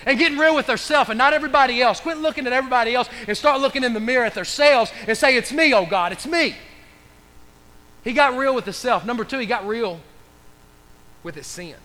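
A man's voice: very high-pitched, fast talker, pushed and bright, big-room sound. A man, a pastor, preaching an emphatic sermon in a church and calling out to the congregation. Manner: emphatic preaching with call-and-response asides. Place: church sanctuary.

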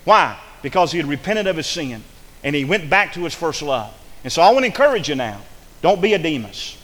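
A man's voice: fairly high pitch, very animated, a little fast, a bit bright, long reverb tail. A male pastor, preaching a fervent sermon full of repeated phrases and restarts.

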